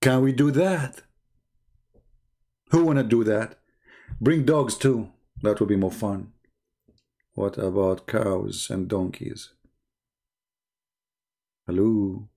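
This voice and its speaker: A man's voice: lowish voice, fairly even intonation, slow, vocal fry, pauses often, dark tone. A man hosting a live stream, talking in sarcastic, mocking rants in non-native English and arguing as if he were his opponents.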